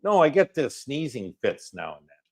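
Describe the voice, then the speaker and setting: A man's voice: mid-range voice, sing-song, normal speed. An older man co-hosting a livestream, reading out viewer comments and teasing his co-host in casual chat. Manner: reads chat comments aloud, dry teasing.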